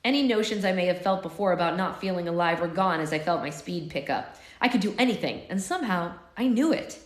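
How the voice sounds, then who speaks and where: A woman reading a novel aloud for an online book club, breaking off into animated, giggly chat. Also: on the low side, quick pace. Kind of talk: live read-aloud with chatty asides. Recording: echoey room.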